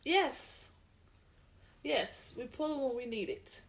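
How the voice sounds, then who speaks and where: A woman co-hosting a casual opinion talk, emphatic and repeating her points, with lively put-on greetings. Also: high-pitched, takes it slowly, vocal fry. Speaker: co-host.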